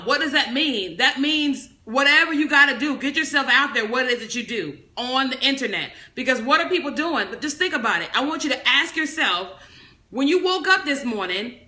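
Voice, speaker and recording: A woman hosting a live stream, teaching and motivating in a bold, loud, animated and talkative way. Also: fairly high pitch, roomy sound. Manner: preachy motivational, talks on and on. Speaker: business coach livestream host.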